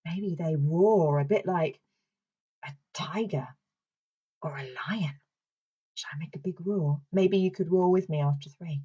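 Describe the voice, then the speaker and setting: A woman's voice: sits low, unhurried, long pauses, dark tone, breathy edge, muffled recording. A woman with a British accent, a speech and language therapist leading a children's session in a playful, sing-song way. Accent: British English.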